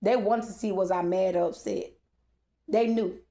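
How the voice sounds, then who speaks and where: A woman's voice: medium pitch, fairly even intonation, normal speed, warm tone. Woman, casual storytime monologue, rambling, fillers, talks to her audience, profane. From Texas.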